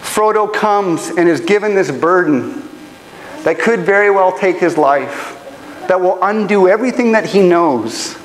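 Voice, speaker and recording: A pastor with a high-pitched, lively voice preaches a sermon at a measured pace, telling stories earnestly and emotionally. In the church auditorium, there's long hall reverb, faint ambience, and a little hiss or hum.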